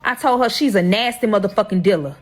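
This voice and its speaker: A woman's voice: medium pitch, fast talker. A woman telling her own drama story in a heated, profane, emotional storytime vlog.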